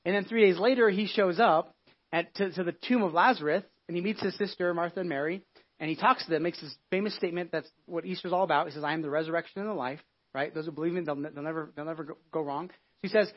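A man preaching a casual, conversational sermon as a pastor, telling the story in an animated way with many restarts and asides. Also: high-pitched, fast, lo-fi sound. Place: church.

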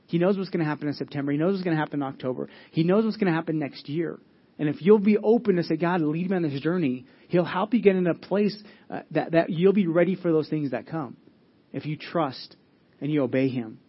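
Pastor, male, slightly high, husky voice; casual sermon delivery, muffled recording. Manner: conversational, with frequent restarts and filler words.

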